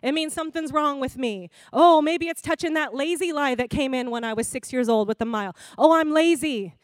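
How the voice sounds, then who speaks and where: A woman preaching a sermon in a conversational, expressive way, laughing often. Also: sits high, brisk, no room sound.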